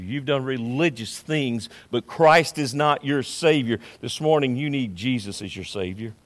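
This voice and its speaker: A man preaching a sermon as pastor in a church, emphatic, swinging between loud declarations and hushed asides. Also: medium pitch. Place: church sanctuary.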